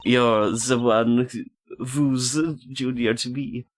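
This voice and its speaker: A man reading a haughty, competitive young woman prosecutor in a put-on German accent, slow and clipped. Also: medium pitch, little pitch movement.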